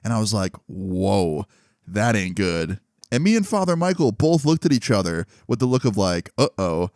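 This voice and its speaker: A man's voice: medium pitch, very animated, brisk, a little mellow, no room sound, studio quality. Laid-back young man telling a story. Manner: laid-back, slangy, laughs while telling. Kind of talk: casual storytelling.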